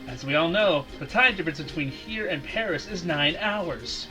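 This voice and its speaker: A man's voice: fairly high pitch, animated, moderate pace, over music, close to an everyday voice, rough recording. A man voicing a young, earnest rookie male defense lawyer with a dramatic delivery.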